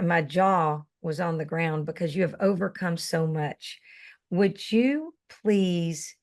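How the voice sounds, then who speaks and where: Effusive, unhurried woman podcast host. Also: fairly low pitch. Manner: effusive, warmly enthusiastic. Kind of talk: interview hosting.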